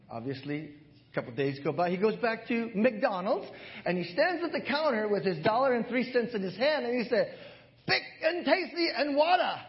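A male pastor telling a personal story in a sermon, animated and often laughing, recorded in a church with dull lo-fi sound. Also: high-pitched. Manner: animated, laughs through his stories.

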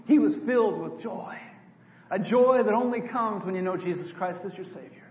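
A man's voice: high voice, moderate pace. An older man, a preacher, telling a story in a sermon and acting out the dialogue. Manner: animated storyteller, quotes others in dialogue. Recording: echoey hall from far off, dull.

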